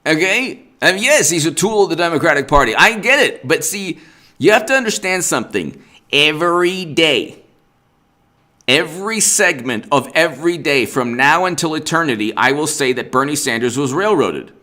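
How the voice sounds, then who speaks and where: A man's voice: a little high, expressive, moderate pace, bright, forceful tone. A man hosting a political livestream, ranting with sarcasm and exasperation and greeting viewers in the chat by name. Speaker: political commentary host.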